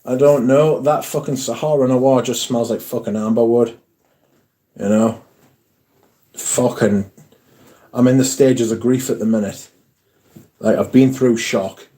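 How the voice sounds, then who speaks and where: Mellow-voiced man chatting on a live stream. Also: medium pitch, steady tone, measured pace, long pauses. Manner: chatty, swears casually, reads viewer comments aloud. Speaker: streamer reading chat. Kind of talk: casual live-stream chat.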